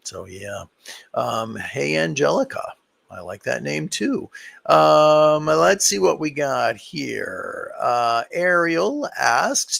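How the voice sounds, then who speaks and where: A man who works as a fertility doctor talks viewers through their questions on a live stream. His voice is gravelly with a husky edge. He is relaxed and tired, with plenty of "um"s, and is recorded dry and close. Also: on the high side, slow pace, dry recording. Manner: relaxed and explanatory, with many fillers. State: tired, yawning.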